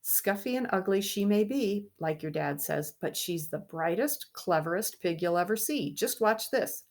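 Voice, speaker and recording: A woman's voice: medium pitch, lively intonation, moderate pace, a little mellow, lightly acted. A woman voicing a polite, ragged orphan boy who keeps pigs, in a storybook reading. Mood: earnest. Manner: earnest, polite.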